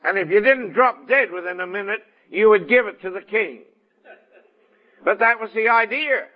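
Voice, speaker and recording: A man preaching a sermon and telling a story, acting out the dialogue as he goes. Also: moderate pace. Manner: storytelling, acts out dialogue with shifting pitch. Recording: dull lo-fi sound.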